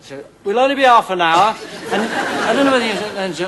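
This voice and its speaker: Guesting on a chat show in a 1990 television studio, a high-voiced man spins goofy, fast-paced funny stories with lots of expression. He's heard over a very noisy crowd, as the live studio audience keeps bursting into laughter.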